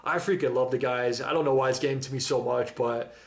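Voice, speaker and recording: A man's voice: medium pitch, steady tone, brisk, creaky. A man giving a casual, enthusiastic and emotional reaction monologue about a TV episode, using slang and nearly choking up. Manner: enthusiastic, emotional, slangy, breaks down near tears. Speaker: reaction channel host.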